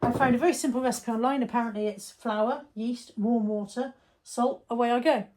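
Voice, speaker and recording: Speaking a little high in a steady, slightly mellow tone, this woman talks briskly in her kitchen at home. She's an English vlogger doing a casual daily chat to camera, self-deprecating and frequently dropping almost to a whisper.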